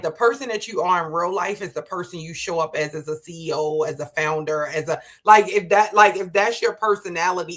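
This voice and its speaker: A woman's voice: lowish voice, a bit bright. A woman guest in a casual conversation, speaking in a reflective, encouraging way.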